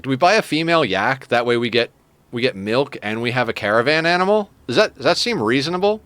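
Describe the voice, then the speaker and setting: Streaming a strategy game, this man rambles through casual, profane chatter and self-amused anecdotes. His medium-pitched voice is animated, quick and a bit bright. The recording is dry.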